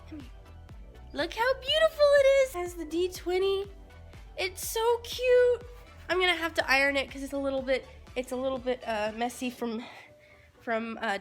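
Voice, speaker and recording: A woman filming a casual unboxing vlog on her phone, excitedly talking to her pets. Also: high voice. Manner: excitable, squealing baby talk to her pets. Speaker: vlogger with a service dog. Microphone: phone camera.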